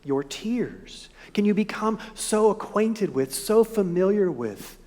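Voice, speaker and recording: A pastor delivers a sermon in a gentle, thoughtful manner, often ending his points with quiet rhetorical questions. His voice sits a little high for a man. The sound rings with the long reverb of a church sanctuary. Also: big pitch swings, slow pace.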